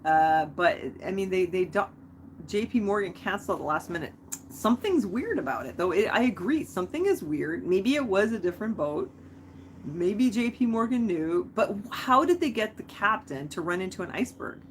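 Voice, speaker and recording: A woman's voice: mid-range voice, sing-song, normal speed, slight background noise. Rambling woman chatting on a live stream. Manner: rambling, goes off on tangents, answers viewer comments. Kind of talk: casual live-stream chat.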